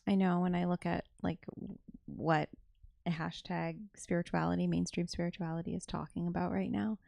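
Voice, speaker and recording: A woman with a lowish, gravelly voice chatting casually as a podcast co-host. She is blunt and wry and swears without hesitation. The sound is dry and close. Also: fairly even intonation, normal speed, mellow, no room sound. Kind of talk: casual chat.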